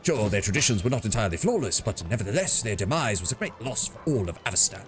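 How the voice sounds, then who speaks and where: A man's voice: fairly low pitch, big pitch swings, fast talker, soft background music. A man voicing a pompous, proud male mercenary captain with a put-on British accent and grand, boastful speech.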